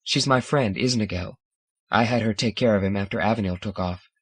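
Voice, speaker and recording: A man reading an excitable young alien woman. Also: fairly low pitch, a little fast, husky, no echo, studio quality.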